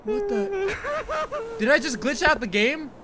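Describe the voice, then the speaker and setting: A man's voice: very high-pitched, a little slow, heavy background noise. A man giving jokey, jumpy commentary on a horror game he is playing. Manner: excitable, yelps and screams at jump scares. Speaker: gaming YouTuber.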